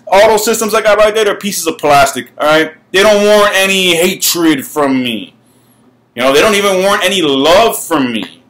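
A man's voice: fairly high pitch, a bit bright. A man who runs a gaming channel, ranting to camera in a heated, profane way and repeating his words when he gets worked up. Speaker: gaming YouTuber. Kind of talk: ranting vlog.

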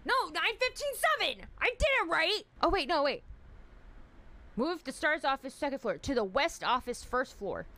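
A woman streamer with a very high, lively voice gives running commentary on a horror game. She yelps and shrieks at every scare and talks straight to her chat between frights. Her tone is bright and sharp, with a faint hiss in the background. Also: normal speed. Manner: jumpy, shrieking, chatty with viewers. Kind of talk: live gameplay commentary.

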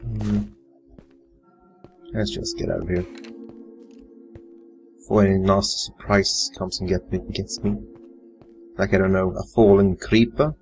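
A man's voice: deep voice, fairly even intonation, measured pace, pauses often, darkish tone, faint music behind. A man muttering and swearing casually while commentating his own live gameplay. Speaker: gamer. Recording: faint computer fan whine.

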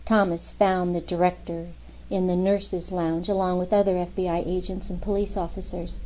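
A woman narrating a novel in a steady, even storytelling manner. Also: lowish voice, moderate pace, slight background noise, low-quality recording. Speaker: audiobook narrator. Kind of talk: scripted narration.

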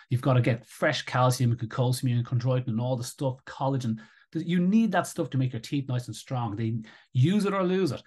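Male commentator, mid-pitched, indignant and sarcastic, talking live to camera about an article. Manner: animated, sarcastic, indignant rebuttals. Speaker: raw-feeding advocate commentator.

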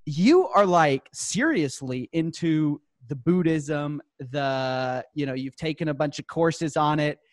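A young man hosting a comedic podcast chat, talking fast and joking. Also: a little high, expressive, no echo, studio quality. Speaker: podcast host.

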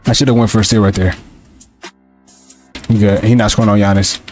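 A young man with a fairly low voice calls out his moves and vents about his game as he plays. He repeats himself a lot and talks straight to his viewers. Faint game music plays underneath. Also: flat delivery, fairly quick, darkish tone. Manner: frustrated, repetitive, talks to his players and viewers. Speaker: gaming streamer. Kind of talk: live gameplay commentary.

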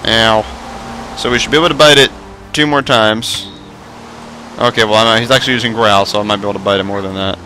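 A young man commentating a Minecraft Pokemon mod let's play, excitable, swearing and shouting at the game. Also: fairly low pitch, a little fast, pauses often, faint music behind, low-quality recording. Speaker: gaming YouTuber.

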